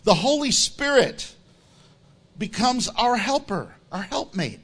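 A man preaching a sermon as pastor, animated and joking, often laughing as he teaches. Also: high-pitched, takes it slowly, husky.

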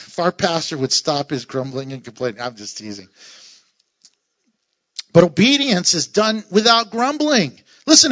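Male pastor, sermon delivery, playful with humorous asides; high-pitched, slightly muffled recording. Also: sharp tone. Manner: playful, joking asides and chuckles.

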